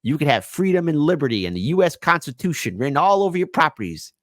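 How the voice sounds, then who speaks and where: A man hosts a live-stream political commentary show, delivering his points with sarcastic, mocking glee. His pitch swings widely from line to line. The sound is dry and close, with no room echo. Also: very animated, fast, fairly bright tone. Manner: sarcastic, mocking, laughs at his own jokes.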